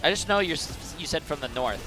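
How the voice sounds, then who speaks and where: A man streaming as he watches an esports match, talking in casual banter with loud joking outbursts and teasing. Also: on the high side, animated, brisk, music in the background.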